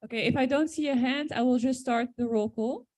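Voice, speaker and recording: A woman chairing a large meeting and calling the roll in a brisk, procedural way. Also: high voice, a little mellow, no room sound.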